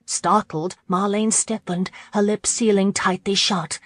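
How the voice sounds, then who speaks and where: A woman narrating a romance audiobook in a measured, steady reading voice. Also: medium pitch, no echo. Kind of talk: scripted narration.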